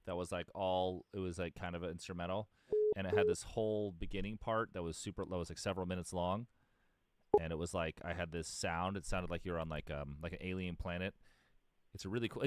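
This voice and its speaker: A man's voice: low-pitched, dry recording. A man, a musician guest in a casual interview, telling stories in a rambling way with lots of fillers and restarts.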